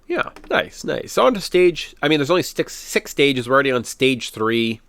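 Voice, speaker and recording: A man co-hosting a gaming podcast, talking casually with a head cold. His pitch swings widely as he gets excited and acts out little quotes, and the recording is dry and close. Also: moderate pace, vocal fry, dry recording. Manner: animated, jumps into quoted voices. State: has a cold. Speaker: podcast co-host. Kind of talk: casual chat about retro games.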